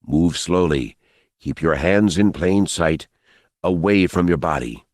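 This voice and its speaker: A man voicing a grim, stoic warrior monk who speaks quietly in low, measured tones. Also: no room sound, clean studio sound. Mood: calm.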